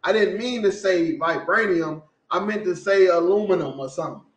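A man hosting a podcast, talking in casual, profane, animated commentary and laughing often. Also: sits high, moderate pace, echoey room. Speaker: podcast host.

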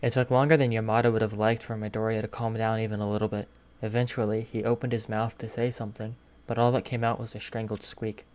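A man narrating a fan fiction audiobook in a steady, even storytelling manner. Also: lowish voice, fast, few pauses.

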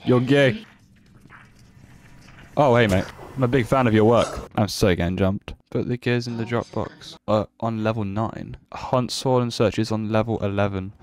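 A man's voice: on the low side, moderate pace. A young man giving casual, joking commentary while streaming a horror game. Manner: joking, playful, excitable.

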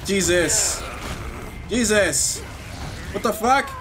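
A man streaming a horror game, reacting with loud, swearing outbursts and sarcastic commentary. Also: high-pitched, lively intonation, extremely slow, background noise. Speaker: gameplay streamer. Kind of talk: excitable let's-play commentary.

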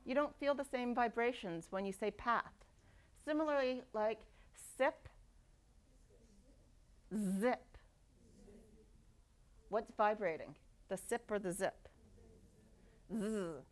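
A woman giving a university lecture, lively and demonstrating speech sounds aloud. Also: fairly high pitch, moderate pace. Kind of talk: classroom lecture. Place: lecture hall.

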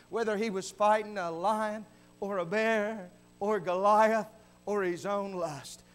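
A man preaching a revival sermon in a church, building from calm talk to shouted, fervent preaching. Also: sits high. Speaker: visiting preacher. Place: church sanctuary.

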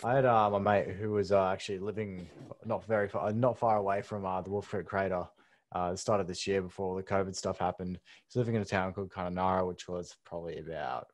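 Deep-voiced Australian man co-hosting. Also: fairly even intonation, quick pace. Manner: laid-back, swears casually, many "uh"s. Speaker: podcast co-host. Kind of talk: casual podcast interview. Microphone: video call.

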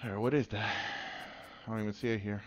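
A man in casual co-op game chat, excitable, swearing under his breath and laughing often. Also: fairly low pitch, quick pace. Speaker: co-op gamer. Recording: game music behind.

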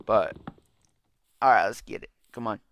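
A man's voice: on the low side, moderate pace, no room sound. A young man giving casual, rambling commentary over his gameplay, frustrated and swearing constantly. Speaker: let's play gamer.

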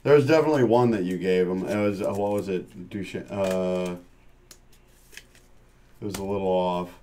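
A man's voice: low voice, moderate pace, dark tone, slight background noise. A man co-hosting a card break, chatting casually with dry, teasing comebacks.

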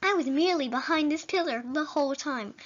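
A woman reading Toriel, gentle goat mother. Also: high voice, brisk, slight background noise, lightly acted. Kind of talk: reading game dialogue aloud. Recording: dull lo-fi recording.

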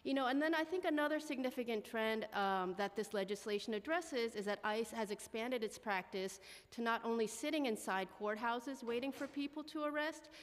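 A woman's voice: fairly high pitch, moderate pace, few pauses. A woman with a head cold, sounding congested, giving earnest testimony at a public hearing as an advocacy director, with many fillers. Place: council committee room. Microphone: table microphone. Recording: long hall reverb.

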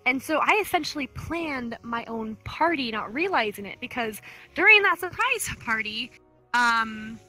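A young-sounding woman chatting as an interview guest, bubbly and animated as she tells stories, with faint music behind her. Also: fairly high pitch, a little slow. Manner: bubbly, giggly, animated storytelling. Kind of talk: casual chat. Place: virtual reality social game session.

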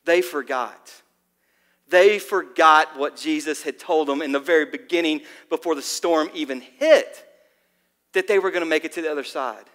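A man preaching a sermon in a church hall, telling the story in a lively, casual way with plenty of fillers. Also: fairly high pitch, moderate pace. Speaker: pastor.

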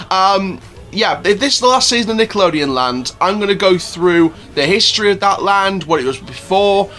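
A man hosts a casual vlog in a fairly high, bright and forceful voice. He talks in a chatty, upbeat way and often stops to restart a phrase. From England (Doncaster). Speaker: theme park YouTuber host.

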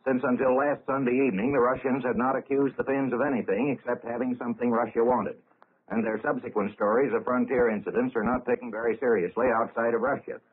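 A man reading a 1930s radio news bulletin in a measured, formal way with dry, wry asides. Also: medium pitch, fairly even intonation, husky. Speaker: radio newscaster. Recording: tinny lo-fi 1930s radio broadcast.

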